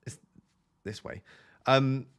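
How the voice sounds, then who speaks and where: A fantasy football live streamer chats loosely into a desk microphone, reading chat aloud and drifting from joke to joke and topic to topic. His nasal voice sits at an ordinary middle pitch, clear and resonant, and he speaks slowly. He comes across relaxed and playful.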